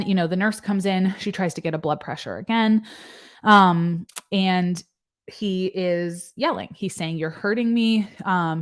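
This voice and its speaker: A woman nurse giving casual commentary, explaining medical points in plain, conversational terms. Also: fairly low pitch. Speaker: nurse reacting to a news case.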